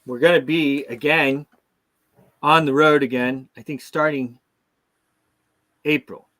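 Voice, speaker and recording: A man's voice: on the high side, fairly even intonation, slow, bright, forceful tone. A middle-aged man from the United States hosting a casual talk show, rambling with many restarts and fillers. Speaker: show host. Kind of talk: casual chat.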